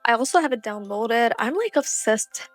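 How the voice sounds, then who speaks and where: A woman's voice: a little high, expressive, moderate pace, faint music behind. A young woman hosting her own audiobook reading, switching between a careful reading voice and chatty, blunt asides.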